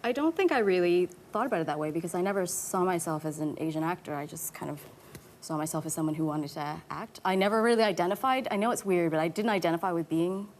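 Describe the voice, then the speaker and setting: A woman's voice: fairly low pitch, a little mellow, a little hiss or hum. A woman in her thirties, an actor, talking candidly as a talk show guest and laughing often. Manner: candid, quick to laugh, mimics voices in anecdotes. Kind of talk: casual interview chat.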